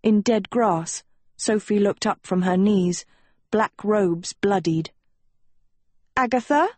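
A woman narrating a story in a measured, slow reading voice. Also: mid-range voice, fairly even intonation, warm tone, slightly rough, dry recording. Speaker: audiobook narrator. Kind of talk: scripted narration.

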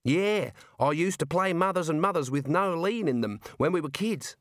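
A man voices a blunt, sharp-tongued young woman with a scornful attitude, pitching his voice above his own, though it still sounds natural. The voice is fairly high with lively intonation at a normal speed, in a studio-quality recording with no echo.

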